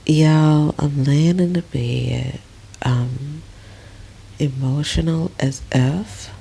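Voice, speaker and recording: A middle-aged woman lying in bed in a dark bedroom, talking slowly and emotionally in a soft, often half-whispered voice. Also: low-pitched, creaky, slightly rough. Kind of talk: casual personal vlog.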